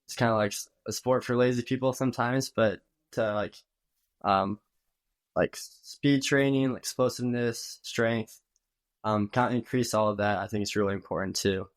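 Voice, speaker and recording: A man's voice: on the low side, steady tone, moderate pace. A teenage male golfer answering interview questions hesitantly, with many ums and likes. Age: teens. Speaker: high school golfer guest.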